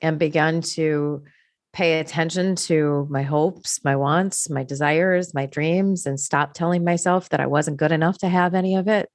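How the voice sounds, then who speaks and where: A woman's voice: low-pitched, steady tone, unhurried, dry recording, clean studio sound. A woman co-hosting a podcast, sharing her gambling recovery story in an earnest, reflective way.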